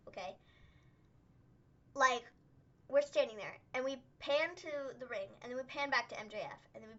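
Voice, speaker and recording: A woman co-hosting a casual livestream recap, chatty and excitable, peppering her talk with "like". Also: high voice, dull audio. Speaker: co-host.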